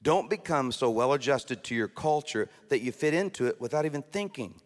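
A man preaching a sermon as a pastor, lively and conversational, often slipping into mock voices and asides. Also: mid-range voice, a little fast. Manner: animated, acts out mocking voices, conversational asides. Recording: long hall reverb.

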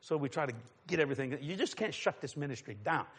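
A middle-aged preacher tells a story in a sermon, acting out the voices of other people. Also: male voice, fairly high pitch, quick pace, breathy edge. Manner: animated, acts out voices, chuckles.

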